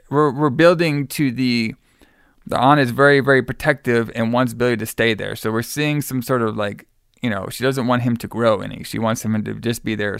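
A man casually recapping a movie plot, rambling and restarting his sentences. His voice is smooth and clean, recorded dry and close. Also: medium pitch, fairly bright tone, dry recording. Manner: rambling, many fillers and restarts.

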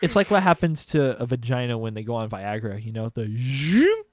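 A man's voice: mid-range voice, brisk. Profane young man telling crude stories. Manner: animated, profane, crude storytelling. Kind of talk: casual storytelling chat.

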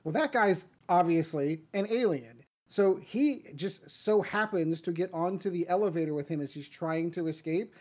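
A man co-hosting a casual movie review podcast, animated, acting out scenes in quick quoted voices and laughing often. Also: sits high. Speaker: podcast co-host.

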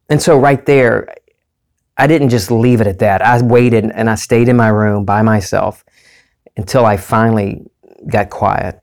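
A man's voice: lowish voice, normal speed, gravelly. A man giving a candid personal monologue as a self-help speaker, earnest and confessional, rambling with restarts.

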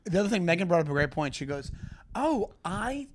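A man co-hosting a comedy podcast in casual chat, enthusiastic, laughing often and slipping into quick impressions. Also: on the high side, a little hiss or hum. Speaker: podcast co-host.

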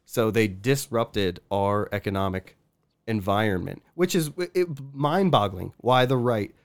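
A man co-hosting a casual podcast, talking in a relaxed way and sometimes searching for words. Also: on the low side, unhurried, clear, resonant tone, no echo, studio quality. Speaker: podcast co-host.

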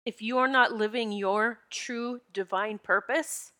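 Bright-voiced emotional woman host. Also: fairly high pitch, a little slow. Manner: emotional, candid, animated storytelling with laughs. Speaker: podcast host and retreat leader. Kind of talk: personal spiritual talk to listeners. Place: Pennsylvania home.

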